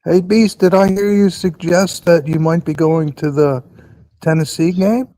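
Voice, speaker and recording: A man's voice: on the high side, steady tone, unhurried, mellow, dry recording. A man calling into a sports show, teasing the host in a mock-formal way. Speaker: caller. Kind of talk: call-in banter.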